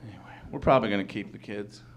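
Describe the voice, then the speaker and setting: A young man doing a stand-up comedy set, loud and animated, laughing through his punchlines. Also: lowish voice, rapid-fire.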